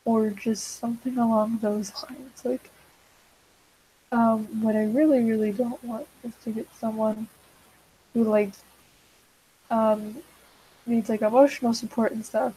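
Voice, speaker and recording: A woman's voice: on the high side, steady tone, a little slow, long pauses, mellow, husky, rough recording. A teenage girl chatting casually while drawing, rambling and awkward, full of fillers and restarts, self-deprecating. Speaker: digital artist vlogger. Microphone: desk mic.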